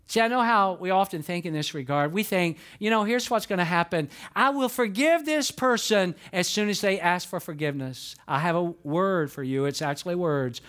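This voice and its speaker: Man, pastor, sermon, high voice, middle-aged, animated storytelling, hushed earnest asides. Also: normal speed, few pauses.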